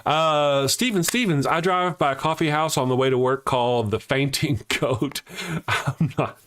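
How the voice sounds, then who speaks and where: Male live-stream host with a slightly high voice, loose and playful, teasing chat between laughs. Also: unhurried, a bit bright. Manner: rambling, joking, laughs often at his own jokes; reads out viewer comments and teases chatters. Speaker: livestream host.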